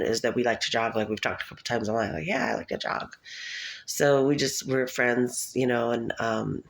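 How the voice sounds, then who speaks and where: A woman's voice: very deep voice, a bit bright. A woman talking to the camera in a casual, rambling monologue, chatty and laughing often. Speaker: vlogger.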